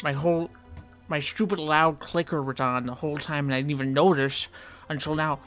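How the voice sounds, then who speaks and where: A man's voice: fairly high pitch, steady tone, fairly quick, fairly bright tone, faint music behind. A man at his computer desk giving playthrough commentary, getting more and more exasperated and ranting to himself as he plays. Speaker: gaming channel host. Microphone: desk microphone.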